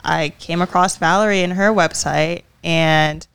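A woman in a casual chat, speaking earnestly and turning to the listeners. Her voice sits a bit low and sounds smooth. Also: steady tone, a little slow, fairly bright tone. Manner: earnest, addresses listeners directly.

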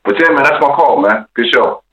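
A man's voice: medium pitch, animated, a little fast, a bit bright, dull audio. A man calling in to a talk show, easygoing, filling his talk with casual fillers. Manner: easygoing, peppers talk with "man" and "you know". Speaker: caller. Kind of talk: casual call-in chat.

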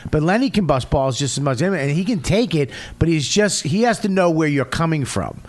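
Middle-aged comic, high-ish voice, swears freely, storytelling with blunt loud outbursts. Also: male voice, animated, moderate pace. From Boston area, USA. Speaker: comedian guest. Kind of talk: casual podcast chat.

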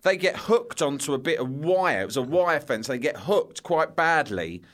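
Animated man telling a story. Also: a little high, moderate pace. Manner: animated, acts out voices in his anecdotes, swears freely. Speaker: podcast guest. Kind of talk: casual storytelling.

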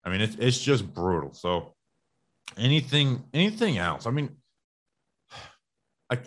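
A man's voice: mid-range voice, very animated, slow pace, a bit bright, no room sound, clean studio sound. A man co-hosting a sports podcast, chatting casually and rambling through stats with plenty of restarts.

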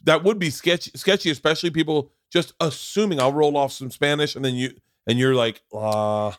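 A man's voice: on the high side, steady tone, brisk. A middle-aged man hosting a casual interview podcast, rambling with many restarts and cursing freely. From Florida. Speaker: podcast host.

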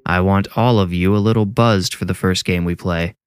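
A man's voice: sits low, steady tone, normal speed, smooth, no room sound, studio quality, lightly acted. A man voicing a mischievous young prankster who teases and coaxes his friends in a story reading. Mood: teasing. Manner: playful, teasing, coaxing.

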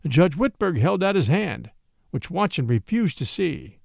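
A man narrating a classic short story with expressive, lively storytelling. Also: on the high side, unhurried, vocal fry, dry recording, clean studio sound. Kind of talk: audiobook narration.

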